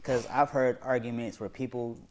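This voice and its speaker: Young guy hosting a chat show, mid-pitch voice, acts out what people said. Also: moderate pace, background noise. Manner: animated storyteller, acts out quotes. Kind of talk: casual chat.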